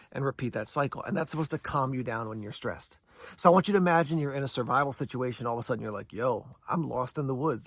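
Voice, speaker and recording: A man's voice: medium pitch, no room sound. Man explaining survival breathing, dry close sound. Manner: conversational, explains step by step, answers imagined questions. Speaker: survival channel host. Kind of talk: casual instructional talk to camera.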